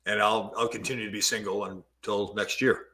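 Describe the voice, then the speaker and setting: A man's voice: fairly low pitch, fairly quick. A man in his sixties hosting a podcast, telling stories in casual chat and laughing easily. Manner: storytelling, laughs easily, animated. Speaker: podcast host.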